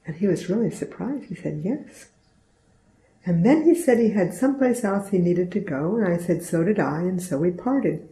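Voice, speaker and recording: Older woman telling a story, gravelly. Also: lowish voice, lively intonation, brisk, few pauses, mellow. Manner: earnest, reflective, plainspoken. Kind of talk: personal storytelling. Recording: roomy echo.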